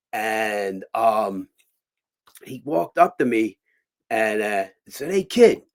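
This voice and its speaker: A man from Philadelphia telling a long story in casual chat, acting out the people he quotes in loud, lively impressions. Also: fairly low pitch. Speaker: host.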